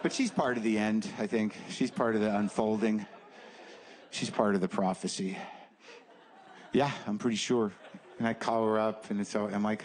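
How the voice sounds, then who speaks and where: A man's voice: lowish voice, normal speed, pauses often, darkish tone. Profane, ranting man in his fifties. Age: 50s. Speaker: comedian. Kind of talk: stand-up comedy set. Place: comedy stage. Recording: noisy live stage recording.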